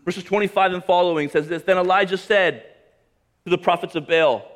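A male pastor delivers a sermon in a fairly high voice. He reads scripture aloud and then comments on it with humor and emphasis. His delivery swings between raised, forceful lines and quiet, low drops. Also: fairly even intonation, a little fast.

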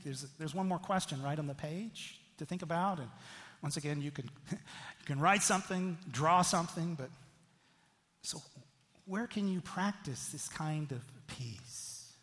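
A man's voice: on the high side, moderate pace, fairly bright tone, big-room sound. A middle-aged man preaching a sermon as a pastor, in a conversational way that keeps checking in with the listeners. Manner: conversational, frequent "right?" asides.

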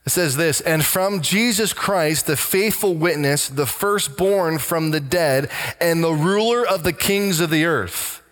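A male pastor preaching a sermon, emphatic, slowing and dropping low to stress key lines. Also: fairly bright tone. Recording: long hall reverb.

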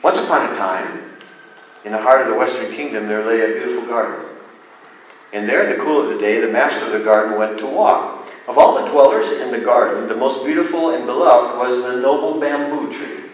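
A man pastor preaching a sermon and telling a parable, dramatic and shifting between loud and soft. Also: medium pitch, brisk, highs cut off. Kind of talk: sermon with storytelling. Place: church sanctuary. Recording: echoey hall, distant mic.

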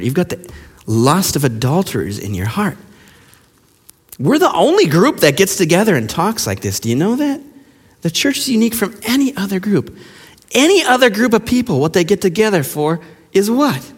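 Impassioned high-voiced man preaching in a hall. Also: sing-song, moderate pace, husky. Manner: impassioned, with rhetorical questions and sudden hushed drops. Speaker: pastor. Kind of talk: sermon. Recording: long reverb of a large hall.

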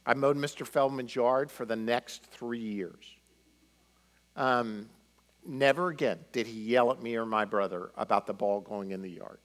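A man's voice: mid-range voice, a little slow. Een man die losjes een preek vertelt. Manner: conversational, animated storytelling with many fillers. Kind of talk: sermon storytelling.

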